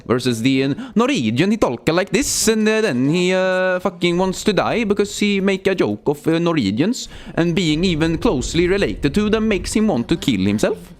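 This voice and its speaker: A man's voice: sits high, sing-song, voice pushed up. A man voicing a goofy, boastful male turtle with a mock Italian accent and broken grammar. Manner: broken grammar, halting with drawn-out fillers.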